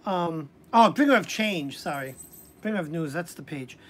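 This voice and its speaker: A woman's voice: lowish voice, lively intonation, moderate pace. A woman giving a casual live-stream tarot reading, chatty and hesitant, with frequent restarts. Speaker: tarot reader. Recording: faint background noise.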